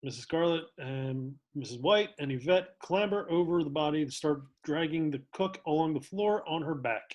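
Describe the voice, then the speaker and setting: His fairly high voice is a little mellow and moves at a normal speed as he reads the narration in a casual table read. The man occasionally laughs and trips over the stage directions.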